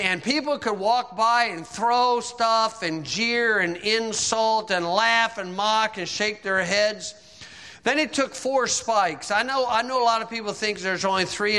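A man's voice: high voice, pushed and bright, long reverb tail. A man preaching a sermon, retelling events in vivid, dramatic storytelling.

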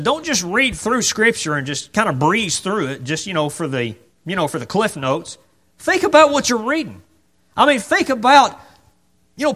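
Male preacher, slightly high, very animated; chatty sermon, acts out the voices in the story. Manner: conversational, rhetorical questions, acts out quotes. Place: church.

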